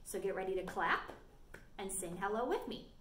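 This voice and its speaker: A woman children's librarian leading a virtual storytime, talking clearly and encouragingly to small kids. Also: mid-range voice, animated, moderate pace, heavy background noise. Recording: echoey room.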